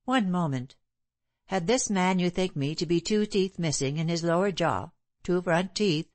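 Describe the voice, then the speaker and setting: A woman voicing a calm, stern gentleman in an audiobook, cold and composed. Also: fairly low pitch, normal speed, no echo, close to an everyday voice.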